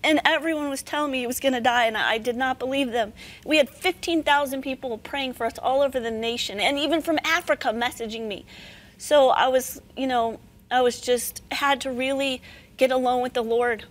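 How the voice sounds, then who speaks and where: A woman guest giving an earnest, emphatic faith testimony with a slightly hoarse, damaged voice. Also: high-pitched, fairly quick. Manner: earnest, emphatic, preacher-like cadences.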